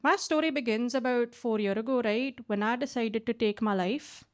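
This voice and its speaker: A woman's voice: fairly high pitch, normal speed. A woman in her late twenties from India with a twang, doing a chatty stand-up set on a club stage mic. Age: late 20s. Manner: chatty, tags lines with "right?". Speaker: stand-up comedian. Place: basement comedy club.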